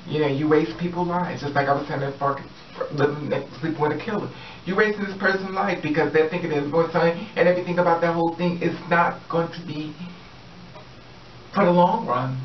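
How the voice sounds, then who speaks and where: A sassy, animated man rants about someone straight to camera, his voice a little high. He sounds set back from a muffled mic in a roomy space, with faint ambient noise behind him. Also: a little fast, far from the mic. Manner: sassy, animated, addresses the subject directly. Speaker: vlogger. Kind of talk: casual opinion rant to camera.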